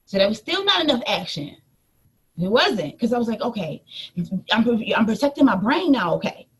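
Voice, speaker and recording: A woman in her thirties, a life coach, telling a personal story in a lively motivational talk to her audience. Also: a little high, normal speed, breathy edge. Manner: animated storytelling, addresses listeners as y'all.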